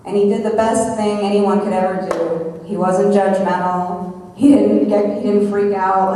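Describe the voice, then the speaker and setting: A woman in her thirties, a guest speaker giving an earnest, measured personal testimony. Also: mid-range voice, steady tone, warm tone. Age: 30s. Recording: echoey hall, mic far off.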